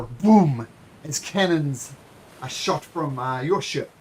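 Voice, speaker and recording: A man's voice: a little high, expressive, a little hiss or hum. Man narrating as game master. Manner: descriptive, halting with fillers and restarts.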